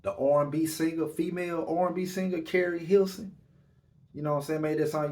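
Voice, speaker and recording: A man's voice: a little high, fairly quick, darkish tone. Male podcast host, easygoing rambling delivery, echoey room. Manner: laid-back, repeats "man" at line ends. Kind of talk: casual monologue.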